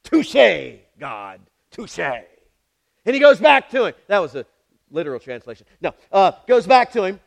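Emphatic high-voiced preacher. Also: male voice, sing-song, fairly quick. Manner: dramatic, swings from shouts to near whispers; repetitive, emphatic storytelling with asides to the congregation. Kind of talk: sermon.

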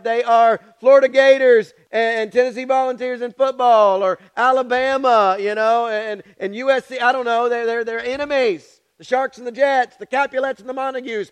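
High, clear-voiced pastor preaching. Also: male voice. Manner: storytelling with frequent "all right?" asides to the congregation; acts out voices in his stories. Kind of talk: sermon.

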